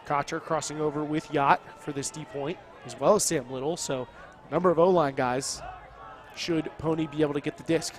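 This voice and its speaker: High-voiced analytical male commentator. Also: fairly even intonation, brisk, some chatter behind. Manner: analytical, breaks plays down step by step; wordy, with frequent restarts and fillers. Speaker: color commentator. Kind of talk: sports color commentary.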